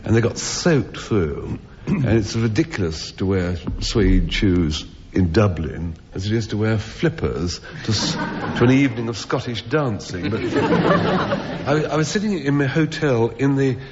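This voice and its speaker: Male comic panelist, lively rambling anecdote, reverberant theatre on 1970s radio. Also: fairly low pitch, a little slow, background noise. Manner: rambling, self-interrupting storyteller with chuckles. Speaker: comedy panelist. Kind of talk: comic anecdote told to a live audience. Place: theatre stage before an audience. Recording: old lo-fi radio broadcast with hall reverb.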